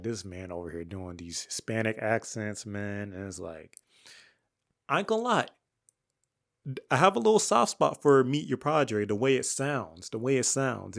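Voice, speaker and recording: A young man giving a candid, slangy album review, rambling with fillers and restarts, dropping to low mutters and jumping up when excited. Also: vocal fry. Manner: swings between flat mutters and excited highs. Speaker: music reviewer. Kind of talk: casual album review monologue.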